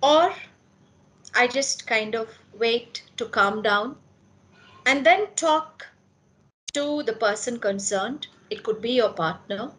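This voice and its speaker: A woman's voice: a little high, lively intonation, takes it slowly, pauses often, a bit bright. A woman giving a talk on parenting to parents at a school meeting, earnest and asking questions to answer them herself.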